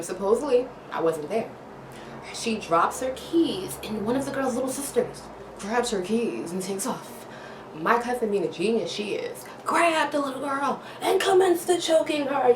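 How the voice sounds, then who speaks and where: A woman spins a story for her vlog, punctuating it with slang and little sound effects. She sounds set back from the mic in an echoey room. Steady background noise hangs under her voice. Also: mid-range voice. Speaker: vlogger. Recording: roomy, distant, noisy home recording.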